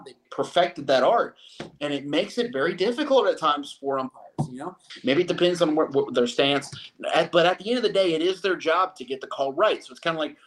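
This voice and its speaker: A man's voice: on the high side, a little hiss or hum. A man co-hosting a sports podcast, talking casually in a rambling way with many restarts.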